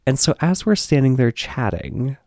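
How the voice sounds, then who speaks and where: Animated, expressive male podcast storyteller. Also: mid-range voice, normal speed, no echo, clean studio sound. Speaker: podcast co-host. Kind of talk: casual chat, storytelling.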